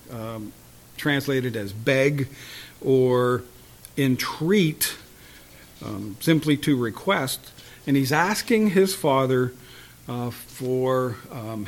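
A man giving a Bible-teaching sermon in a measured teaching tone, pausing with fillers and clearing his throat now and then. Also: medium pitch. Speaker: preacher.

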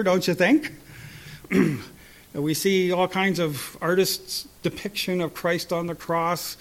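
A man with a fairly high voice preaches at a slow, deliberate pace. He swings from loud, ringing cries down to quiet, hushed asides and keeps asking his listeners rhetorical questions. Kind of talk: sermon.

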